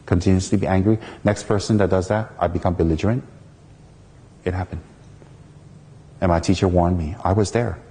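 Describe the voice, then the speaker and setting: A man from the United States gives a dharma talk as a Buddhist teacher. His voice sits low and sounds mellow, and he tells a lively personal story, acting out each person in it. The sound carries a long reverb from a hall. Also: fairly quick, long pauses.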